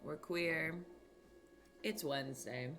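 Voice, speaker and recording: A young woman hosting a livestream, chatting casually with viewers in a soft, quiet morning voice into a small desk microphone. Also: low-pitched, slow pace, a little hiss or hum. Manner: soft-spoken, chatty, reading out chat messages. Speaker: livestream host. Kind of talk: casual chat with stream viewers.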